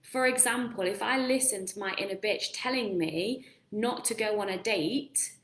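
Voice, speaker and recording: A woman's voice: medium pitch, normal speed, fairly bright tone. A woman coaching viewers in a casual live-stream talk, earnest and encouraging, asking them lots of questions. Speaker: self-help coach. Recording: roomy echo.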